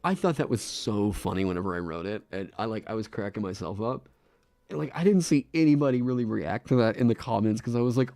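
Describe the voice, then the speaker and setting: A man's voice: on the low side, quick pace, vocal fry, mellow, no room sound. A man chatting casually on a live stream into a desk microphone. He rambles, laughs often and swears freely. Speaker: streamer designing a game class.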